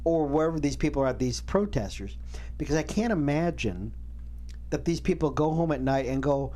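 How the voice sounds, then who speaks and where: A man co-hosting a faith and culture show speaks in a slightly high voice. He chats casually, acting out other people's words and often restarting his sentences. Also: a little fast. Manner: animated, acts out quotes, many restarts. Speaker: co-host. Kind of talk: casual chat about faith and current events.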